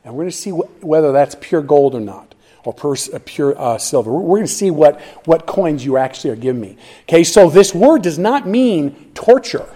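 A man preaching with a high voice, pressing hard on key words. He works through the passage verse by verse, often restarting phrases mid-thought. The delivery is animated and earnest. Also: moderate pace. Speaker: pastor. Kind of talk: expository sermon.

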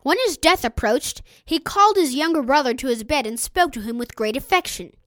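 A woman reads a sermon aloud for an audiobook, earnest and measured. Her voice is high and rises and falls widely. The sound is close and dry. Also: animated, a bit bright, dry recording. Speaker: audiobook reader.

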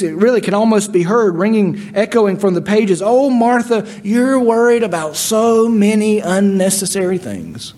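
A man preaching a sermon, expressive, acting out the words of biblical figures with rising and falling loudness. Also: on the high side. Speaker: pastor.

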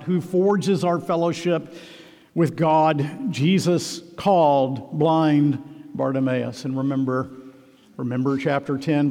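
A man's voice: a little high, a little mellow, long reverb tail. A man preaching a sermon as pastor, emphatic and repeating key phrases, in a church.

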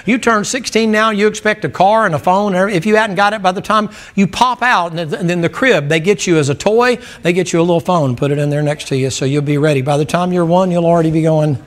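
A man's voice: sits high, fast talker, hardly any pauses. A man, preaching a sermon in a folksy, joking manner. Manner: folksy, animated preaching with jokes. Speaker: pastor.

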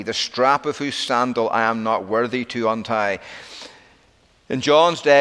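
A man delivering a sermon in a voice a little above the usual male pitch. He tells the story vividly, acting out the quoted lines. The sound carries a long reverb, as in a large church hall. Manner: animated storytelling with acted-out quotes. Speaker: preacher.

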